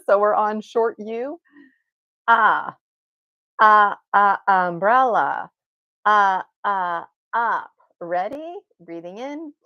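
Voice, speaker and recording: A woman's voice: mid-range voice, lively intonation, very slow, pauses often, no room sound, muffled recording. A woman teaching an unscripted guided vocal exercise, encouraging and laughing often as she draws out vowel sounds. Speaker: voice and breathing teacher.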